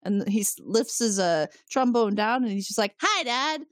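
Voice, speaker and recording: A woman's voice: medium pitch, normal speed, darkish tone, no echo, studio quality. A woman hosting a podcast, casually retelling an episode and acting out the characters' lines. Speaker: podcast host recapping an episode. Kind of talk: casual chat.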